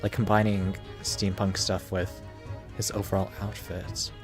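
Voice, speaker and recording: Low-voiced man joking over a game. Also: little pitch movement. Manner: joking, quick asides. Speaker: streamer. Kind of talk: casual game commentary. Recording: game music underneath.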